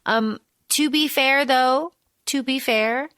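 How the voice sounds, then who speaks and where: A woman's voice: high-pitched, slow, pushed and bright, smooth, no echo. A woman co-hosting a podcast in casual chat, playful, given to dramatic asides and repeating herself. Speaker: podcast co-host.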